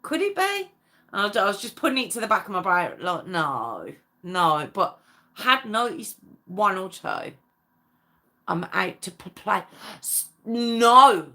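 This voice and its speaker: A woman hosts a true crime livestream in an easy, chatty way, laughing often as she answers viewers' comments. Her voice is bright and a little sharp. She talks at an unhurried, drawn-out pace. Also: medium pitch, animated. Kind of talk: casual live chat with viewers.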